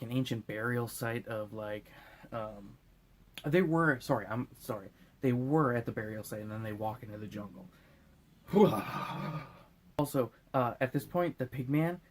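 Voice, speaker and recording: A man's voice: medium pitch, darkish tone. Rambling drunk man recapping a movie. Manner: rambling, crude, laughing, acting out lines in silly voices. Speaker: host.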